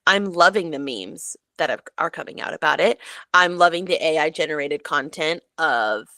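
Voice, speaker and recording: A woman co-hosting a podcast, recounting a story in casual chat, animated and full of "like" and "um". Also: sits low, normal speed, dry recording. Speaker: podcast co-host.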